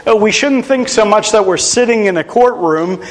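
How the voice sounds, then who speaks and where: High-voiced man preaching a folksy sermon. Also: normal speed, low-quality recording. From Pennsylvania. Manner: conversational, self-deprecating humor.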